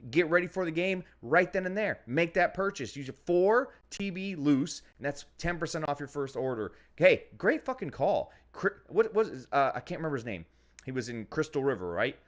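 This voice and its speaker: Man, podcast host, brash, swears, lively up-and-down voice, a bit high. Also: moderate pace. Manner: brash, swears a lot, emphatic. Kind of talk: loud casual podcast banter with sponsor reads.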